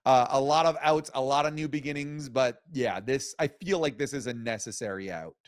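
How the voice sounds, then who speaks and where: A man co-hosting a casual wrestling review show, giving animated, opinionated takes. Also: medium pitch, moderate pace, no room sound, studio quality. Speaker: co-host.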